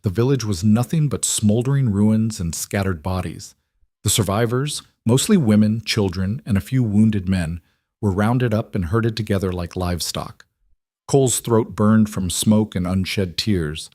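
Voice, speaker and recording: A man narrating a western story in a steady, dramatic scripted style. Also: on the low side, no room sound, clean studio sound.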